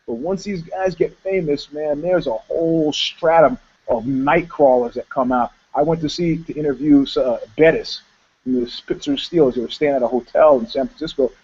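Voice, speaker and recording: Animated storytelling man, lo-fi sound. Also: on the high side, normal speed, breathy edge. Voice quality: animated, profane, laughing storyteller. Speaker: co-host. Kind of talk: casual storytelling chat. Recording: dull lo-fi sound.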